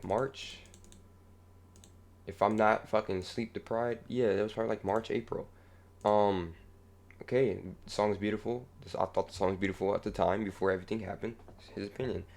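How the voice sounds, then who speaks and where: A young man running a music channel, talking casually in a rambling, profane way that moves from low mumbling to heated ranting. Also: vocal fry, a little mellow. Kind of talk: casual reaction vlog.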